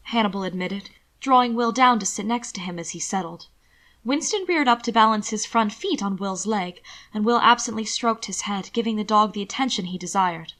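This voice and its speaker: A woman's voice: medium pitch, moderate pace, fairly bright tone. Woman narrating a story expressively. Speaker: audiobook narrator. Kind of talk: scripted fiction narration.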